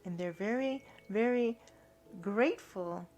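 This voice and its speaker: A woman giving a spiritual tarot reading in a soft, earnest way, now and then dropping to a hushed whisper. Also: medium pitch, unhurried, lo-fi sound, faint music behind. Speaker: tarot reader.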